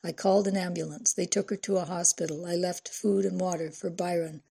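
A woman reading as a gentle man in broken English. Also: on the low side, steady tone, creaky, slightly rough. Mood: plain. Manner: halting, simple short phrases.

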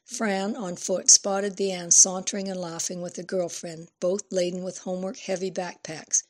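A woman narrating a novel as an audiobook in a steady storytelling manner. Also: on the low side, moderate pace. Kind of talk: scripted narration.

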